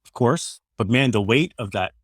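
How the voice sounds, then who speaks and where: A man's voice: mid-range voice, expressive, moderate pace, husky, no echo. Middle-aged man, ex-radio host, loose earnest guest talk, dry close mic. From Canada. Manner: earnest, rambling, says "man" and "you know" often. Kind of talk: candid interview conversation.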